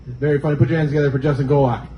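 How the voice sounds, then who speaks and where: A man with a high voice introduces comics at a comedy contest. His introductions are brief and upbeat. The room is clearly noisy behind him. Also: steady tone, racing, highs cut off. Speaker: show host introducing comics. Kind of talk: emcee introductions.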